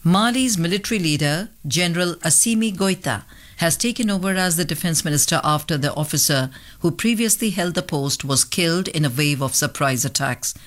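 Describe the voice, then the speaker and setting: A woman reading international news bulletins in a measured, formal way as a radio newsreader. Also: fairly low pitch, lively intonation.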